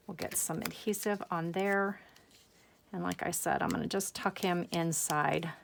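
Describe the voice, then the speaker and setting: A woman's voice: medium pitch, fairly bright tone, a little hiss or hum. A middle-aged woman hosting a card-making tutorial, chatty and enthusiastic as she works through each step. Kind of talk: crafting tutorial.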